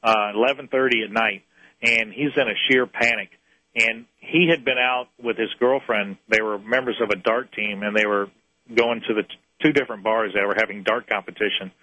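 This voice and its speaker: A man earnestly tells an interviewer about a case from his UFO research, pausing and restarting his phrases as he goes. His voice is bright and forceful. It is recorded dry, with no room sound. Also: lowish voice, fairly even intonation, no echo, poor audio. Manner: earnest storyteller, halting restarts.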